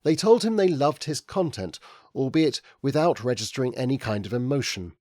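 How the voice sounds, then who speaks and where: A man reading a novel aloud as audiobook narrator, in measured, wry scripted narration. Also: medium pitch, lively intonation, darkish tone, no echo, studio quality.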